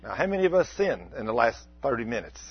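A man, preaching a folksy, animated sermon. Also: mid-range voice, quick pace, husky. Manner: folksy, animated, acts out mock complaints. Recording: dull lo-fi recording.

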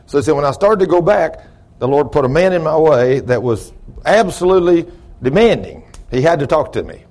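A man's voice: on the high side, lively intonation, fairly quick. A middle-aged man, preaching and telling a long story in a sermon. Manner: shouts praise, then drops to quiet storytelling. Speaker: pastor.

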